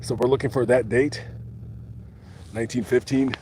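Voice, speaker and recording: A man chats casually on a live stream while walking outdoors through a cemetery. His voice sits in a middle pitch, and his talk rambles along, halting and restarting often with plenty of fillers. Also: steady tone, mellow, slight background noise. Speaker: vlogger reading live chat.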